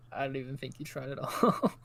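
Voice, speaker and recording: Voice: medium pitch, normal speed, creaky, a bit bright. A co-host on a live stream, chatting casually and teasing. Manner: teasing, playful.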